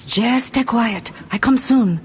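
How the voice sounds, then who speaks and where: A woman's voice: sits high, a little slow, slight background noise, voice pushed up. A woman voicing a young male helper who speaks in clipped, broken English with urgent concern in an audiobook.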